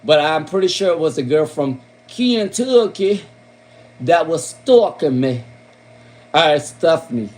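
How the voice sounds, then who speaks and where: A man's voice: a little high, sing-song, measured pace, darkish tone. A man doing tarot readings on a livestream, talking to viewers casually and rambling with lots of ums. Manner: chatty, rambling, filler-heavy. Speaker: tarot reader.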